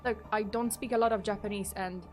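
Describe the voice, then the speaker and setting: A woman's voice: medium pitch, steady tone, brisk, darkish tone, faint music behind, close to an everyday voice. A woman reading a nervous young lost hiker. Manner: read in the narrator's own plain voice.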